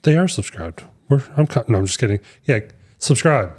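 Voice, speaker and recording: A man's voice: mid-range voice, sing-song, moderate pace, a little mellow, husky. Rambling man co-hosting a casual podcast. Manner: rambling storyteller, many fillers and restarts. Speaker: podcast co-host. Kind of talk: casual chat.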